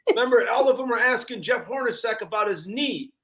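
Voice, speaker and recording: An older man co-hosts a loose sports chat, his voice sitting unusually high. He tells stories with gusto, slipping into the voices of the people he quotes. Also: fairly quick. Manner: animated storyteller, acting out quotes. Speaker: co-host.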